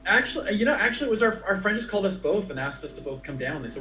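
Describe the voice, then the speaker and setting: A man's voice: high-pitched, sing-song, very fast. Chatty man in an echoey room. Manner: chatty, rambling with many restarts. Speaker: interview guest, commercial actor. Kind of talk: casual interview storytelling. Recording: echoey room with faint music.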